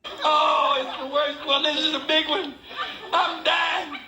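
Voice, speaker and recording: Woman putting on a squeaky wailing dying-on-the-sidewalk voice, super high, slow, dragged out. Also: flat delivery, noisy background. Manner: wailing, overdramatic. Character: herself dramatically dying on the street.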